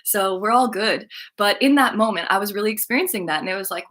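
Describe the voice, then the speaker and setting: A woman's voice: mid-range voice, brisk, fairly bright tone. Chatty woman telling a spiritual story. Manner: chatty, lots of "like" fillers, laughs while talking. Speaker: spiritual channeler and content creator. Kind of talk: casual storytelling monologue.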